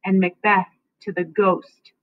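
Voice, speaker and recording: A woman's voice: mid-range voice, level tone, measured pace. A woman teacher explaining a play to her students, checking in often with a questioning "okay?". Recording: dry, tinny phone-like sound.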